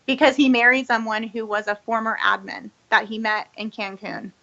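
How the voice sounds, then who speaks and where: A young woman with a bright, fairly high voice tells her story candidly, rambling with lots of "like" and "you know" and acting out the lines people said to her. The sound is a little dull and muffled. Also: little pitch movement, normal speed, gravelly. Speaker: former business owner telling her story. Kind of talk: candid interview testimony.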